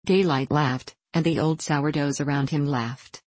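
A woman narrating an audiobook with a low, even voice. Her telling is measured and steady. The recording is dry and close. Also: no room sound. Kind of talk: scripted narration.

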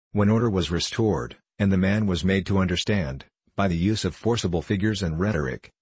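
A man reads a story aloud in a measured, formal manner. His voice sits very low with a husky grain, and the recording is close and dry with no room sound. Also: darkish tone, no room sound. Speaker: narrator. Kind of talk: audiobook narration.

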